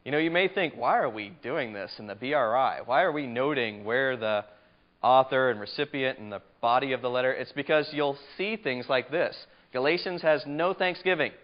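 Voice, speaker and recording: A man's voice: medium pitch, normal speed. A man teaching a Bible study lecture in a conversational, emphatic way, asking his class questions, on a muffled lo-fi recording.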